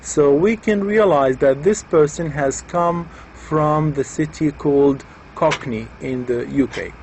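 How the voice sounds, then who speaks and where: A man's voice: a little high, measured pace, a little mellow, slight background noise, rough recording. A man giving an explanatory lecture, patiently repeating and rephrasing each point with examples.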